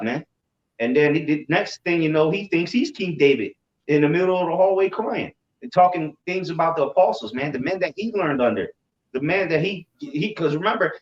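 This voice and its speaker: A member of a religious group tells a story in animated, casual chat, repeating words as he stumbles and swearing along the way. His slightly high voice is picked up from a distant mic, so the sound comes across roomy and dull.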